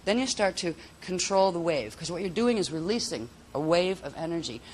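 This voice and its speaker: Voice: medium pitch, expressive, brisk, slight background noise. A workshop instructor giving a casual spoken lesson on vocal toning, talking in a rambling, chatty way with restarts, into a handheld mic.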